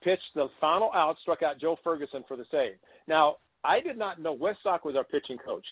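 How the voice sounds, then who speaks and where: An older man with a slightly high voice spins animated stories as an interview guest, slipping into the voices of the people he quotes. The sound is thin and tinny, like a phone line, and dry, with no room around it. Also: fairly quick, breathy edge, no room sound. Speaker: guest, former baseball catcher. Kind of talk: storytelling interview.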